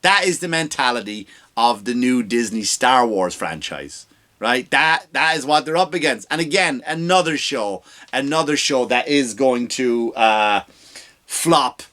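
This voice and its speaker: A man's voice: mid-range voice, expressive, unhurried, pushed and bright. Man, comedian podcast host, profane, ranting, rambling, home setup. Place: home recording setup with lights.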